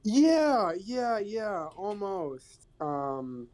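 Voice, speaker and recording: A man's voice: high-pitched, sing-song, drawn-out words, darkish tone. A man co-hosting a podcast, talking about a film casually and hesitantly, with a lot of fillers. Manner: hesitant, many fillers, agreeable. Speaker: podcast co-host.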